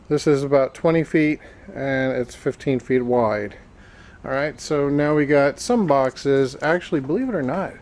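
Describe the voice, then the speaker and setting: A man chatting casually in a vlog, retelling his errands in an animated way. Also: medium pitch, a little hiss or hum, rough recording. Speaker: vlogger.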